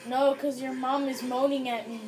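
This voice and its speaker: A woman chatting casually with friends while gaming, loud and excitable, swearing freely. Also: high voice, moderate pace, faint music behind, rough recording. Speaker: gamer playing with friends.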